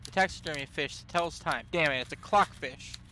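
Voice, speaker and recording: A man's voice: fairly high pitch, fairly quick, bright, forceful tone, a little hiss or hum. A man casually commentating his video game playthrough, chatty and amused, reading game text aloud. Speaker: streamer. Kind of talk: casual let's-play commentary.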